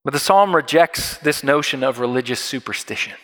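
A man's voice: medium pitch, brisk. Man preaching in a reverberant hall. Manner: animated storytelling, acts out quoted voices. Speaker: pastor. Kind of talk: sermon.

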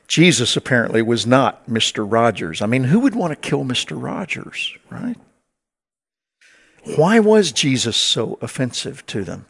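A male pastor delivers a sermon in a relaxed, conversational way. He speaks at an ordinary middle pitch and mixes wry, joking asides in with his teaching. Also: breathy edge.

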